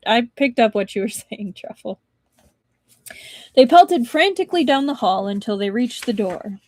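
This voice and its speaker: A woman's voice: medium pitch, darkish tone, no echo. A young woman reading a novel aloud on a live stream, breaking off for chatty asides to her viewers. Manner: chatty asides between narration.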